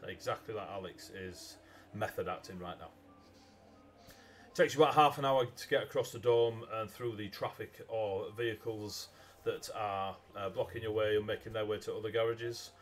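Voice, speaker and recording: A man's voice: on the low side, fairly even intonation, moderate pace. A man narrating a tabletop game as game master, rambling with many ums and uhs over a video call mic.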